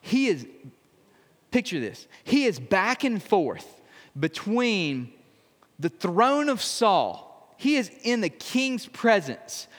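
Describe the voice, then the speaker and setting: Man, pastor, sermon, high-pitched, conversational and humorous, long reverb in a church sanctuary. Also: sing-song, slow. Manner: reads scripture, then preaches conversationally with humor.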